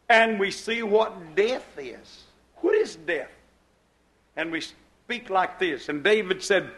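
A man with a notably high voice delivers a sermon. He preaches emphatically, circling back to his points and posing rhetorical questions to the congregation.

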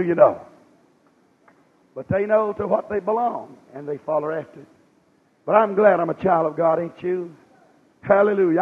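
A man's voice: sits high, breathy edge, narrow, tinny audio. A man preaching a revival sermon in a folksy manner, putting rhetorical questions to his congregation and reading scripture aloud. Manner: reads scripture aloud in a rising cadence.

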